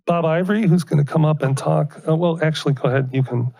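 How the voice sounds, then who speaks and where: A man's voice: on the high side, quick pace, gravelly, dark tone, no room sound. An American man presiding over a city council meeting, speaking informally as he hands out an award.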